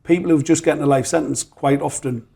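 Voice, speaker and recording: A man hosting a podcast in casual interview chat, with frequent quick backchannels. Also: on the high side, steady tone, creaky, warm tone. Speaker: podcast host.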